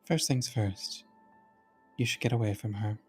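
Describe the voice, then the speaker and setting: Leith, a calm and composed dream-world guide, read aloud by a friend. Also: mid-range voice, faint music behind, close to an everyday voice. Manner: calm, measured, slightly formal. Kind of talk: reading a visual novel aloud.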